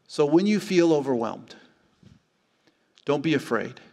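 A middle-aged man preaching a sermon as pastor, telling stories with lively acted-out voices. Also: fairly high pitch, unhurried, vocal fry. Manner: animated storytelling, acting out voices. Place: church hall. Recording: church hall reverb with faint music.

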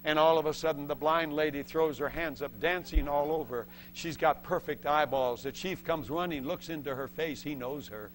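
A man preaching a sermon as a testimony, telling a story with lively acted-out voices and laughs between points. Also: on the high side, moderate pace, few pauses, slight background noise. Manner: acts out voices in the story and shouts the excited parts.

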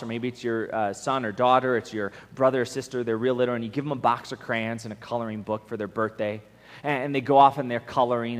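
A man preaches in a relaxed, conversational way, telling everyday stories with animated energy. His voice sits at an ordinary middle pitch, and a long, ringing reverb trails after his words in a large hall. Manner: animated storytelling, acts out quoted voices. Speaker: camp speaker, preacher. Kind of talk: conversational sermon.

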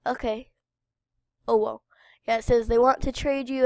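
A woman with a head cold, her nose stuffed up, rambling cheerfully through a game for her viewers. Her voice sits fairly high with a gravelly fry at the ends of phrases. The sound is dry and close, with no room around it. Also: steady tone, moderate pace, mellow, dry recording. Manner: chatty, rambling, talks to viewers. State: congested with a cold. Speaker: game channel host. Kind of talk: casual gameplay commentary.

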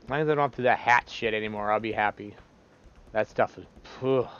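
A man's voice: on the low side, fast, fairly bright tone, dull audio, slight background noise. A man giving casual, profane gameplay commentary as a streamer, exasperated and talking to the game. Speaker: let's play streamer.

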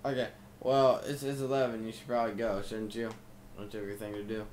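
A man's voice: on the low side, level tone, fast talker, a little mellow, slight background noise. A young man chatting casually and teasing a friend while they play a game together. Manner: teasing, laughing, swearing. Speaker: gamer. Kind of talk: casual multiplayer gaming chat.

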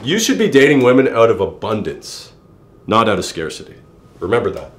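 A man's voice: brisk, echoey room. A young man giving blunt life advice to the camera, swearing and calling the listener bro. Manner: brash, swearing, calls listener "bro", lively pitch jumps. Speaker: YouTuber giving self-improvement advice. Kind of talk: casual direct-to-camera advice monologue.

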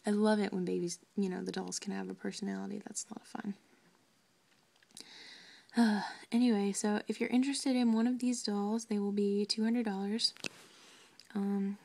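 A woman chatting casually and excitedly, giggling and drifting into soft whispers. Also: mid-range voice, normal speed, vocal fry, pauses often. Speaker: doll maker vlogger. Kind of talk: casual chat.

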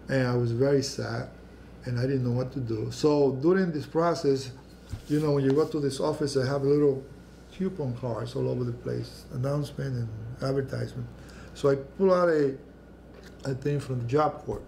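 An older man whose first language is Spanish, telling his life story at an oral history panel, halting and restarting often and acting out the people he quotes. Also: mid-range voice, steady tone, creaky, mellow, slight background noise. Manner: halting, many restarts, acts out quoted voices. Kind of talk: personal storytelling.

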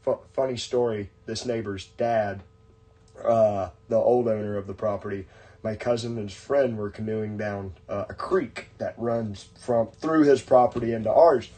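A man's voice: on the low side, fairly even intonation, normal speed, dark tone. A man hosting a podcast and telling a long story in casual chat, rambling with many fillers and restarts. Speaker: podcast host.

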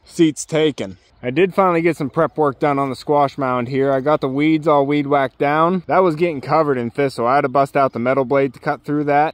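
A man's voice: mid-range voice, no echo. A man giving a casual walking tour of his garden outdoors, chatty and easygoing, joking along the way. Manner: easygoing, chatty, jokes and breaks off to talk to his dogs. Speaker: homesteader showing his garden.

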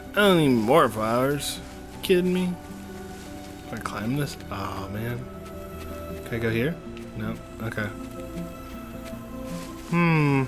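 Slow-talking playful male streamer. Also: medium pitch. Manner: playful, talks to the game characters, jokey asides. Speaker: gameplay streamer. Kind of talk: casual let's-play commentary.

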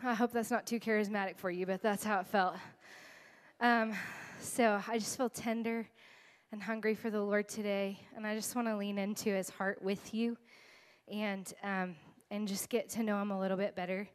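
A woman's voice: mid-range voice, flat delivery, moderate pace, clean tone. A woman worship leader giving a sermon and leading prayer, earnest and tearful, talking in a chatty way with many fillers. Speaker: guest speaker and worship leader.

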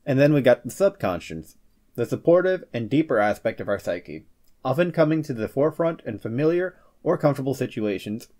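A man hosting a scripted psychology explainer, reading with playful joking asides and quick comic character voices. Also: medium pitch, sing-song, darkish tone. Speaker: host of a personality-psychology channel.

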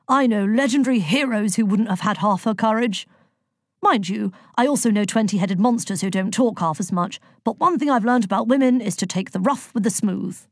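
A woman's voice: medium pitch, brisk, no echo, clean studio sound, natural voice. A woman voicing a chatty, jovial older male god who rambles and teases, in an audiobook. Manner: hearty, rambling, teasing. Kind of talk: audiobook character voice.

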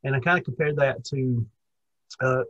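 A man's voice: medium pitch, normal speed, a bit bright, dull audio. A young man, a minister, talking through a Bible lesson in a rambling, conversational way with many restarts. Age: young adult.

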